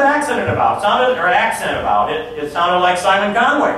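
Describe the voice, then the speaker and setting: Man, political stump speech, folksy and mocking, high voice, echoey hall heard from afar. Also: very animated, a little fast, hardly any pauses, crowd noise. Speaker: political speaker. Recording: echoey hall from far off with faint noise.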